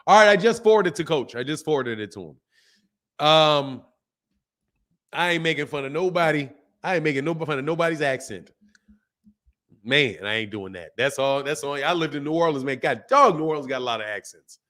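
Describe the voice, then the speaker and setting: This middle-aged man's voice is fairly high, expressive, brisk and a bit bright. As host of a casual boxing channel live stream, he chats loosely in slang and reads questions from viewers aloud.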